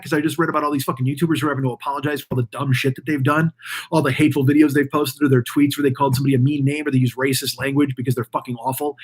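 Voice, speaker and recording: A man talking alone on his own show, cursing often and drifting from one gripe to the next. His voice sits high and husky, and he mocks what annoys him with a loose, rambling energy. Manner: profane, rambling, mocking. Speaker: podcast host. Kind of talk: casual ranting monologue.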